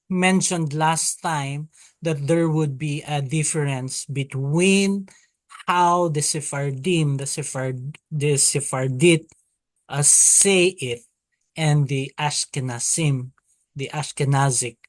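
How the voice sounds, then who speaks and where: Slow, patient online Hebrew teacher. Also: mid-range voice, dry recording. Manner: slow, patient, repeats sounds for the class. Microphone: video call.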